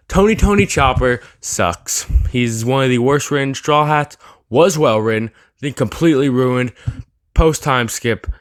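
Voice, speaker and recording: A man's voice: medium pitch, fairly bright tone, no room sound, studio quality. A young man delivering a rambling, sarcastic opinion rant for his anime channel. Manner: rambling, sarcastic, with filler words and restarts. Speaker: anime YouTuber.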